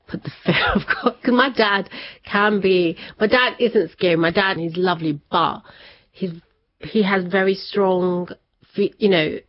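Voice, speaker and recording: Over dull lo-fi audio, a woman being interviewed chats through a personal story, laughing frequently and performing the quoted voices of others. She speaks unhurriedly at a medium pitch.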